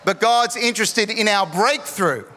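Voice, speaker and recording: A middle-aged man with an Australian accent preaching a sermon, telling jokes and stories in an animated way and building to shouts at the high points. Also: measured pace. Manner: animated, jokey, rising to shouts at climaxes. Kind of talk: sermon with storytelling. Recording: echoey hall.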